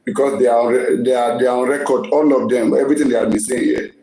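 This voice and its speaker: A man's voice: medium pitch, steady tone, fast, warm tone, reverberant, a little hiss or hum, rough recording. A man with a Nigerian accent hosting a casual live-stream gossip talk, emphatic and often repeating his words.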